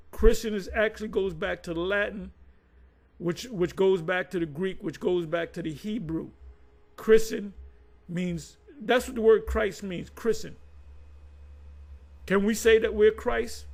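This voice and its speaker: Speaking at a measured pace in a high, darkish voice, a man offers informal religious commentary to his viewers. He reads definitions aloud and explains them conversationally, often repeating himself, on a low-quality recording.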